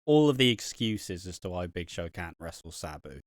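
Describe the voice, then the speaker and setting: A man's voice: low voice, big pitch swings, normal speed, dry recording, studio quality. A young man co-hosting a casual wrestling review podcast, swearing a lot and laughing often. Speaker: podcast co-host.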